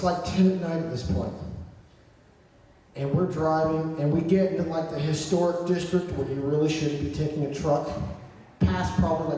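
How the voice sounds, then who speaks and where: Foul-mouthed man telling a story in an echoey hall. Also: fairly high pitch. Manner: heavy swearing, animated voices for quoted friends. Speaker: audience storyteller. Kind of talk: profane comedic storytelling. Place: convention panel room. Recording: echoey hall, distant mic.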